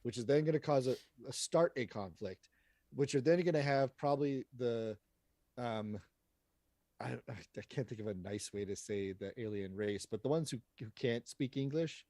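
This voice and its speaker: A man's voice: medium pitch, normal speed, darkish tone, no room sound. A man co-hosting a casual livestream chat, rambling and restarting as he searches for words. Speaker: podcast co-host.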